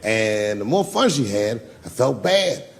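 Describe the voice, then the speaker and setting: Animated man telling stand-up stories. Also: a little slow, vocal fry. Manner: animated storytelling, acts out voices with big pitch swings. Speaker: stand-up comedian. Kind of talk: stand-up storytelling. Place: comedy club stage. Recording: live club with long reverb and faint ambience.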